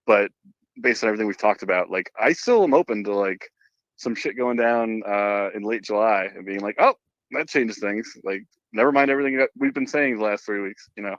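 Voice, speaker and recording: A man's voice: on the low side, fairly quick, fairly bright tone, no room sound, dull audio. A man who is a podcast guest, chatting casually and swearing now and then. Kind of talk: casual chat.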